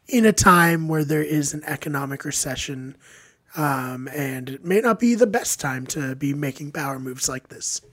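A man's voice: fairly high pitch, fairly bright tone. A man hosting a casual podcast, asking questions with hesitant ums and giving many short agreements. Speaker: podcast host.

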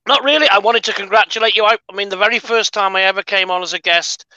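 A British man chatting as a guest, effusive and full of jokes. His voice is high with a bright, forward edge. Dry, close sound. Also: quick pace, dry recording, highs cut off. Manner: effusive, jokey, congratulatory. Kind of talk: casual livestream chat.

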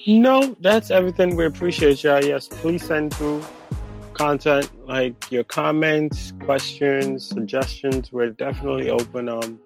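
Gravelly young man bantering on a podcast. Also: on the high side, a little slow, faint music behind, poor audio. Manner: playful, jokey, laughs often. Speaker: podcast co-host.

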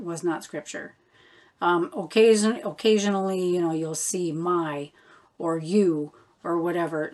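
A woman leading a casual Bible study, reading verses aloud and explaining them in an unhurried way. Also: medium pitch.

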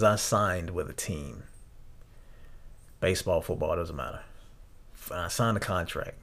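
Young guy hosting a podcast, lowish voice, earnest and reflective, lots of ums and restarts. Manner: earnest, halting with restarts and fillers. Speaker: podcast host. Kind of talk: reflective personal talk.

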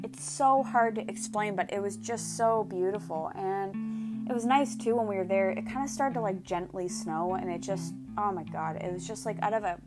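A young Canadian woman chatting casually in a vlog, gushing and excitable, swearing and saying "like" constantly. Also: mid-range voice, moderate pace, over loud music. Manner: gushing and excitable, swears, fills every phrase with "like". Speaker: vlogger. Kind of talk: casual chat.

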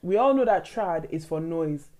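A young woman chats casually as a podcast co-host. Her voice sits a little low, and she talks in an expressive, emotional way, rambling through "like" and "so" as she goes. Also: moderate pace, a crowd in the background. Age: young adult. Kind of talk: casual chat.

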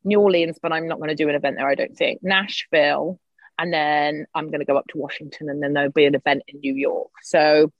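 A middle-aged woman, a podcast guest, telling a personal story in lively, candid conversation, swearing freely and acting out her own quotes. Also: deep voice, a little fast, no room sound. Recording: dull lo-fi sound.

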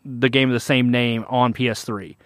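A man's voice: mid-range voice, steady tone, moderate pace, a bit bright, no room sound, studio quality. A man hosting a casual gaming podcast, rambling with many fillers and restarts. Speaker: podcast host.

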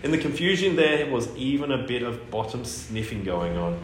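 A man reading a children's book aloud in a lively storytelling manner. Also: medium pitch, moderate pace. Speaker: reader. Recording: echoey room, faint noise.

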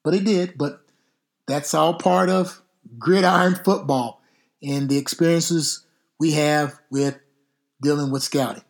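Middle-aged football coach hosting a podcast. Slow, drawn-out storyteller who curses mildly, with a voice a bit higher than most men's. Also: male voice, fairly even intonation, gravelly. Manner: unhurried, drawn-out delivery with mild cursing. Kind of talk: casual storytelling.

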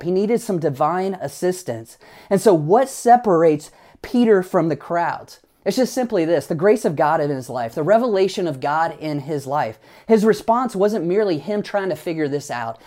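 A man's voice: sits high, dark tone. A male pastor preaching a sermon in a conversational, emphatic way, with casual asides.

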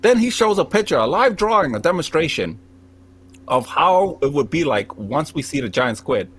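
Animated, swearing young man telling a story. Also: fairly high pitch, normal speed, slightly rough. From Cambodian. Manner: animated, heavy swearing, acts out quotes. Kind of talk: profane comedic storytelling among friends.

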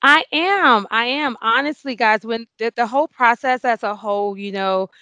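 Woman in her 40s, kinda high voice, dry close sound, super excited and emotional, lots of um and uh. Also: normal speed, no echo. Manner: excitable, emotional, many fillers. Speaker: award-winning nurse guest. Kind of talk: interview storytelling.

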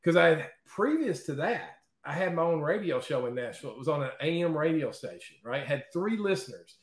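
A man guest in an interview, telling stories in a lively, chatty way and often checking in with "okay?" and "right?". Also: on the high side, fairly quick, echoey room. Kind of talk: casual storytelling in an interview.

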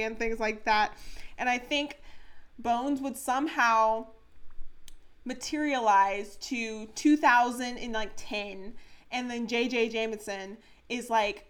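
A woman with a fairly high voice co-hosting a casual podcast. She is playful and giggly, laughing through her own made-up tale. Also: a little slow, a bit bright. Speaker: podcast co-host. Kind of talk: casual chat.

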